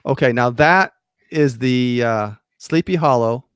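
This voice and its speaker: A man co-hosting a casual live stream chat, halting and stumbling for words, laughing along. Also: medium pitch, clean tone, no room sound, studio quality.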